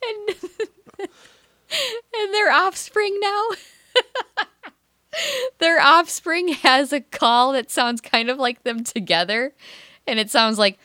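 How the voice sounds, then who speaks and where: A woman co-hosting a casual chat, telling a story with lots of laughter and animated imitations. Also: high-pitched, slow pace, pauses often, no echo, clean studio sound. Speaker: podcast co-host.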